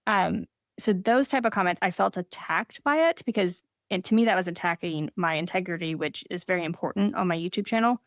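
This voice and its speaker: A woman's voice: lowish voice, brisk, no echo, clean studio sound. Earnest woman with a Southern accent. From Southern United States. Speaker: podcast co-host. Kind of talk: casual conversational advice.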